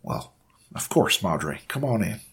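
A man's voice: lowish voice, big pitch swings, measured pace, a bit bright, breathy edge, full character voice. A man voicing an eager, apologetic grown man who stammers sheepishly.

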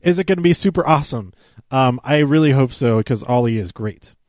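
A man's voice: medium pitch, expressive, fairly quick, darkish tone, no echo, clean studio sound. A man casually recapping a wrestling show. He rambles, with lots of fillers and small laughs.

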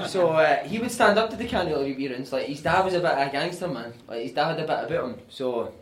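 A Scottish man telling animated, sweary anecdotes on stage at a live podcast show, often laughing as he talks. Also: on the high side, brisk, noisy background. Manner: animated, sweary, laughing through his stories. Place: live venue with audience. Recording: echoey room, mic at a distance.

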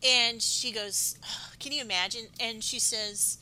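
Bright-voiced emotional woman podcaster. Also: a little high, fairly even intonation, slow pace, low-quality recording. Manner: emotional, chatty, drifts into personal stories. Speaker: podcast co-host. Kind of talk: casual recap chat.

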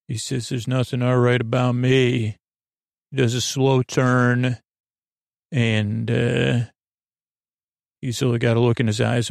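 A rambling man with a gravelly voice. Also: mid-range voice, no room sound, studio quality. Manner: meandering, halting, full of fillers and self-corrections. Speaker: podcast narrator. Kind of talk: sleepy bedtime episode retelling.

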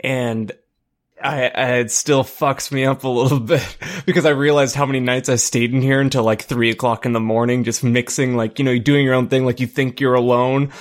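A man with an average-pitched voice tells a story on a podcast. He rambles, swears, and fills the gaps with ums and likes in easy chat. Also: flat delivery, moderate pace. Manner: rambling, profane, uses many fillers. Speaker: podcast co-host.

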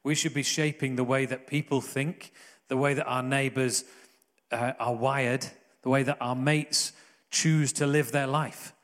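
Earnest preacher with hall reverb. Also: male voice, medium pitch, level tone, measured pace, a bit bright. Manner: conversational, earnest, jokey asides. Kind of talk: sermon.

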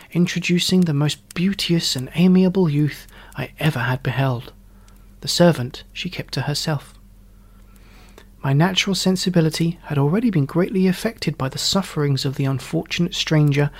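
A man narrating a story in an audiobook, reading in a measured, wry way. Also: on the high side, darkish tone, husky. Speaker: reader.

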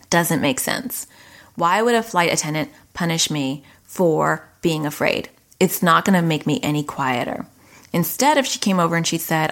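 In a mid-range, somewhat bright voice, a middle-aged therapist specializing in child anxiety gives parents conversational advice. Her explanations of behavior lean on analogies, and she acts out the dialogue she quotes.

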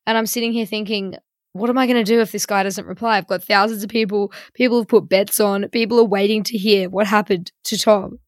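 A woman's voice: medium pitch, fairly even intonation, brisk, dry recording. A woman, co-hosting a podcast and telling a funny story in a dry, self-mocking way. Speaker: podcast co-host. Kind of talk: casual storytelling chat.

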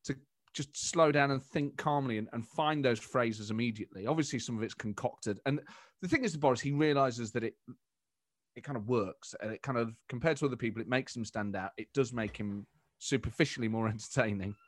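A man's voice: mid-range voice, dry recording. Chatty guy, comedian guest, dry close sound, mid voice. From Nottingham, England. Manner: chatty, animated, quick restarts. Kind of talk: casual interview chat.

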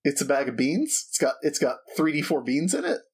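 A woman with a low, husky voice runs a tabletop game as its game master. She describes each scene in a playful way, her pitch swinging widely, with frequent "uh" fillers and bursts of laughter between lines. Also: big pitch swings, a little fast, a little mellow. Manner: playful, laughs often, fills with "uh".

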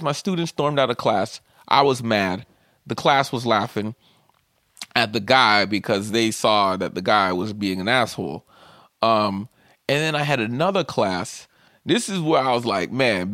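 A man telling a story in a loose, casual way, cursing freely and jumping up in pitch when he acts out a heated argument. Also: no echo, studio quality. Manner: animated, swearing, rises in pitch when quoting. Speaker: comedian and podcast host.

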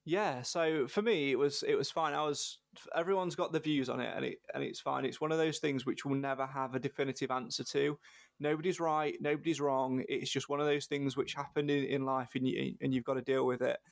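A man's voice: medium pitch, fairly even intonation, fairly quick, vocal fry, no echo, studio quality. A man, a football fan and podcast guest, telling chatty stories and laughing often. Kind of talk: casual podcast chat.

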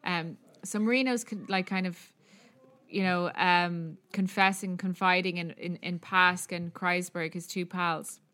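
A woman's voice: on the low side, fairly even intonation, a little slow, pushed and bright. An Irish woman co-hosting a podcast, telling a true story in casual chat with lots of fillers and the odd swear. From Ireland. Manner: chatty, profane, many fillers. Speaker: podcast co-host.

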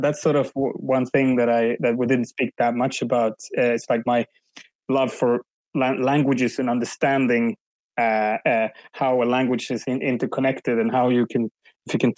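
Halting man with dry sound. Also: medium pitch, a little mellow, no echo, low-quality recording. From Sweden. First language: Swedish. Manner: halting, thoughtful, frequent restarts. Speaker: guest. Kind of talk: casual interview.

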